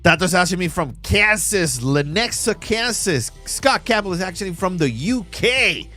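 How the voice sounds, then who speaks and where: A man hosting a live trading stream, walking through charts and shouting out viewers in a casual, slangy, emphatic way. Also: expressive, moderate pace, soft background music. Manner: emphatic, hype-driven pitch to viewers. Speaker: livestream trading host. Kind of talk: live chart walkthrough and chat shout-outs.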